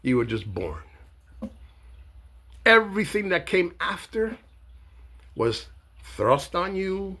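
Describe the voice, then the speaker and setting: A man's voice: high voice, big pitch swings, slow, pauses often, bright, forceful tone. A man giving a rambling, sarcastic monologue to camera, with many hesitations and filler sounds. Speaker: commentator.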